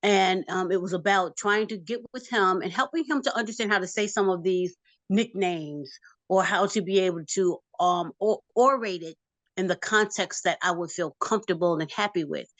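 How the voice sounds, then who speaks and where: A woman filmmaker talking about her documentary on a video call, warm and effusive, laughing often. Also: on the low side, moderate pace, dry recording. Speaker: filmmaker guest. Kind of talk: casual video call interview. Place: home.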